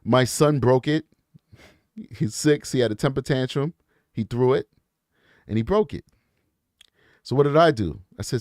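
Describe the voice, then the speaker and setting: A man's voice: medium pitch, a little slow, long pauses, darkish tone, no room sound, studio quality. A man hosting a true crime show, reading emails aloud and breaking off into blunt, scornful commentary aimed at his viewers. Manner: blunt, emphatic, scornful asides; talks straight to his viewers.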